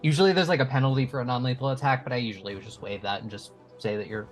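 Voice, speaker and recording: Over background music, a man acting as game master for a tabletop game calls out rolls and narrates what the enemies do, keeping a relaxed manner. His voice is medium-pitched and he talks at a racing speed.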